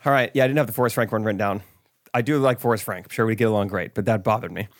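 A man's voice: fairly low pitch, rapid-fire, no room sound, studio quality. A man co-hosting a podcast, telling a story casually and laughing often. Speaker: podcast co-host. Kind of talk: casual chat.

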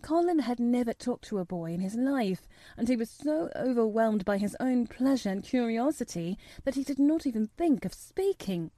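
A woman narrating a children's storybook in an expressive, measured reading. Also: fairly high pitch, dry recording.

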